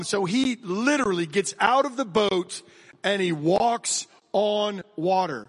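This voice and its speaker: A pastor from the United States preaches with energy and a fairly high voice, chatting straight to his listeners between points. Fast runs give way to slow, stressed lines, and everything echoes with a long reverb like a big hall.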